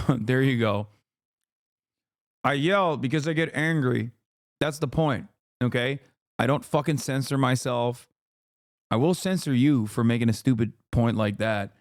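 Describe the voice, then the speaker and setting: A man hosting a livestream, giving heated political commentary in a loud, profane, ranting way. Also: mid-range voice, measured pace, long pauses, no echo, clean studio sound. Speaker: livestream host reacting to clips.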